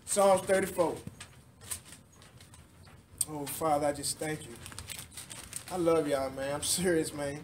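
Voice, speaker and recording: A man's voice: fairly high pitch, takes it slowly, long pauses, recorded from a distance, slight background noise. A man teaching the Bible to a live group in a fervent sermon, repeating lines and drawing the listeners into call-and-response.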